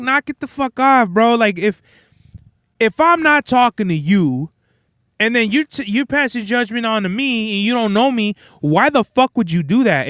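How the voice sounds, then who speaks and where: A young man hosting a podcast, telling stories in a blunt, profane, animated rant. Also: high-pitched, no room sound, clean studio sound. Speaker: podcast host. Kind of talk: casual ranting monologue.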